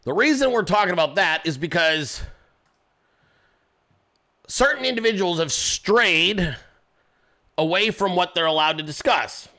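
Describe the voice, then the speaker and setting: Animated, bright-voiced male podcast host. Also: high voice, measured pace, pauses often. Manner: loose, joking, swearing, laughs at own stories; acts out voices in anecdotes. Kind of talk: casual profane commentary.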